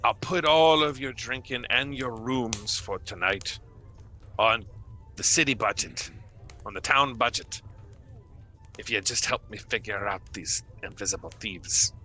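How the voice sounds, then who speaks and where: A man's voice: medium pitch, measured pace, sharp tone, faint music behind, low-quality recording. A man doing a folksy, hearty dragonborn official. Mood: persuasive. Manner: folksy, drawling "be" dialect, exclamatory. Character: jovial male dragonborn town official.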